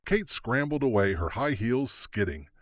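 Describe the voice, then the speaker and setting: A man's voice: medium pitch, very animated, measured pace, dry recording, clean studio sound. A man narrating an audiobook thriller dramatically, his pacing shifting with the action. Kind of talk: scripted narration.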